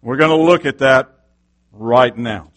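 A man's voice: medium pitch, measured pace, a bit bright. A middle-aged male pastor preaching a sermon with passion, firing off rhetorical questions.

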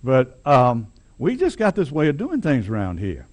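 A man's voice: mid-range voice, wildly swooping pitch, moderate pace, a little mellow. A man voicing an ingratiating older Southern male town boss, with a folksy, drawling, coaxing way of talking.

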